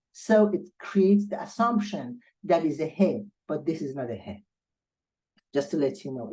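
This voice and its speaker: A woman language tutor giving an online lecture, explaining patiently and slowly repeating example words for learners. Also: low-pitched, mellow, poor audio.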